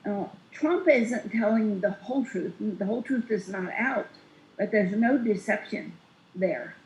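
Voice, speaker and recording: Woman, slow deliberate speech, emphatic, roomy dull audio. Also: medium pitch, expressive, a little mellow, a little hiss or hum. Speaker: guest analyst. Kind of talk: casual political talk show. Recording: echoey lo-fi call audio.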